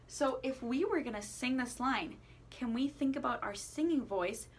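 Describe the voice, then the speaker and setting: A woman teaching children a playful singing lesson, asking questions and encouraging them as she swoops her voice high and low. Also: moderate pace, background noise. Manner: encouraging, asks the listener questions. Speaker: music teacher.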